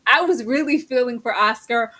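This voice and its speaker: A woman co-hosting a casual live stream, with a voice a little higher than usual. She talks expressively, acting out her own reactions in quoted asides as she shares her opinions. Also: normal speed, pushed and bright, slightly rough, rough recording. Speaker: co-host of a live TV recap stream.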